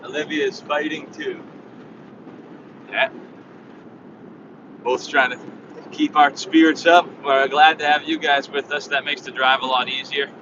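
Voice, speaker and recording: A man chatting casually while driving, rambling with lots of fillers in a flat, even tone. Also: a little high, measured pace, long pauses. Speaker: vlogger driving a van. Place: inside a moving vehicle on a highway. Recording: distant, dull sound with loud road noise.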